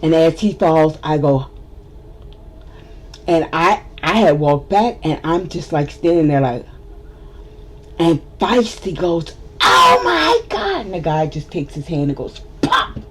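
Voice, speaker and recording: A woman's voice: sits low, a little slow, a little hiss or hum. A woman telling a story to the camera in a casual storytime vlog, acting out the people involved. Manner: animated storyteller, acts out the other people. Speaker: vlogger.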